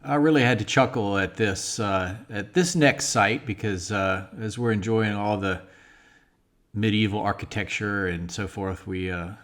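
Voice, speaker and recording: A man narrating his home renovation vlog in a relaxed, chatty voice-over, with lots of filler words and light jokes. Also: fairly low pitch, unhurried.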